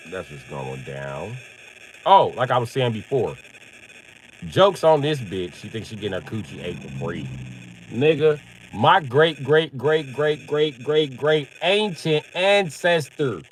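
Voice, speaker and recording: A man riffing on a live stream, his voice swinging from low mutters up to shrill, shouted yelps. He tells crude jokes in heavy profanity and often laughs at them himself. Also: a little hiss or hum, low-quality recording. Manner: profane, jokey storyteller; acts out other people in loud, high yelps. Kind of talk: casual comedic live-stream rant.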